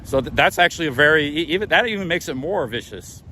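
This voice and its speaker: A man's voice: a little high, expressive, fast, pushed and bright, a little hiss or hum. A man livestreaming outdoors on city streets, agitated and defensive, with stammering restarts. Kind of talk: live walk-and-talk stream.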